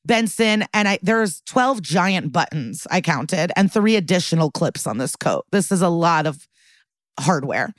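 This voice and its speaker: A woman's voice: on the low side, expressive, measured pace, no echo, studio quality. Chatty woman podcaster recapping bluntly. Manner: chatty, filler-heavy, blunt, swears freely. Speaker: podcast co-host. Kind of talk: casual episode recap.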